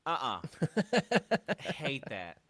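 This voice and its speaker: A man's voice: medium pitch, very animated, a little slow, sharp tone. A man co-hosting a podcast, chatting and laughing in crude banter. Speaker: podcast co-host. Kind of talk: comedic banter.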